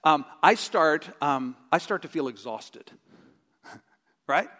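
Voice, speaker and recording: A middle-aged male pastor preaching a sermon with a live stage demonstration, animated and acting out his own inner voice with groans. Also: fairly high pitch, takes it slowly. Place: church sanctuary. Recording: long reverb of a large hall.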